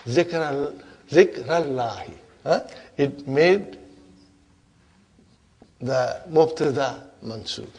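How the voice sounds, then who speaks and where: A man whose first language is Urdu is teaching an Arabic grammar lesson, and he keeps checking in with "huh?" while asking the class questions. His voice sits on the high side, animated and darkish with a husky edge. He speaks slowly and pauses often.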